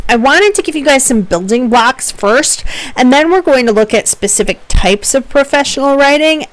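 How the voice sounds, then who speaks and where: A woman's voice: a little high, rough recording. Woman professor giving a casual lecture. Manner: conversational, with fillers and laughs. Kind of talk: recorded lecture.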